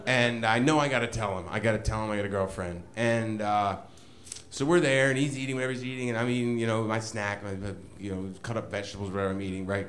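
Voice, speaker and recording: Speaking with a fairly low pitch, a man tells a comedic story to a live audience, animated and self-mocking and often laughing as he goes.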